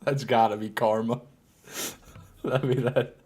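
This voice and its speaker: A man's voice: medium pitch, steady tone, slow, a little mellow, husky. A man streaming a game live, rambling and joking, answering chat questions and swearing now and then. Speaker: gaming streamer. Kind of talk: casual live gameplay commentary.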